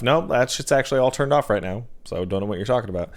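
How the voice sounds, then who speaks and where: A man streaming a game, chatting casually and reading out donations with jokey, quick asides. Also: mid-range voice, expressive.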